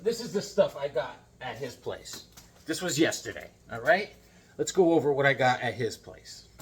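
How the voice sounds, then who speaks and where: A middle-aged man vlogging about comic books in a casual, rambling way, full of restarts and animated retellings. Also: medium pitch, normal speed, slight background noise. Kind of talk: casual chat.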